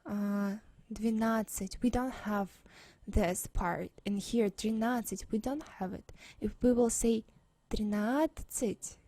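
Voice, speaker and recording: A woman's voice: medium pitch, fairly even intonation, slow, dark tone, no room sound. A woman with a Russian accent teaching a language lesson over slides, patiently repeating words for practice.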